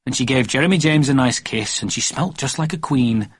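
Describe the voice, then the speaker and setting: A man narrating a children's storybook with expressive cadence. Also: medium pitch, a little fast, slightly rough, no echo. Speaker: audiobook narrator.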